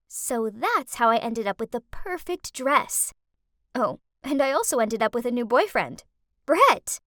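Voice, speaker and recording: Lively, high-voiced young woman narrator. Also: measured pace, dry recording, clean studio sound. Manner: expressive, dramatic, teenage-sounding. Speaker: story narrator. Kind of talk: animated story narration in first person.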